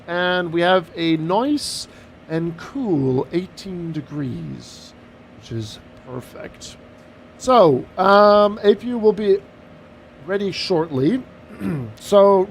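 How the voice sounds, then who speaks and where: A man's voice: sits high, slight background noise. A man streaming a flight sim, chatting casually and joking while he talks through each step of the cockpit setup. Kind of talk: casual live-stream commentary.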